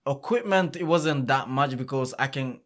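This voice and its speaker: A man who runs a youth soccer camp, telling stories in a casual interview, animated and halting with frequent restarts. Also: medium pitch.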